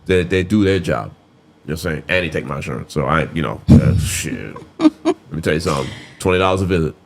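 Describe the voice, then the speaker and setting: A man's voice: sits low, fast. A man co-hosting a podcast, chatting casually and candidly in a laid-back, drawling way. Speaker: podcast co-host. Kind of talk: casual chat.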